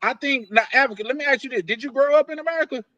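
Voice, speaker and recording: A man hosting a casual live stream from his basement office, asking teasing questions in a halting, repetitive way. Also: extremely high pitch, sharp tone, dry recording, highs cut off. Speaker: stream host.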